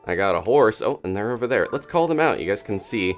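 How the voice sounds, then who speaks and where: A man's voice: lowish voice, big pitch swings, fast talker, soft background music. A man streaming a video game live, chatty and upbeat, laughing often and greeting his chat. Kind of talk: casual live-stream gameplay commentary.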